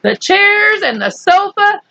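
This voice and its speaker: A woman reading a children's storybook aloud, playful and animated, acting out the characters' shouts and breaking off to laugh. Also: very high voice, takes it slowly, creaky, no echo, low-quality recording. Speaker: storybook reader.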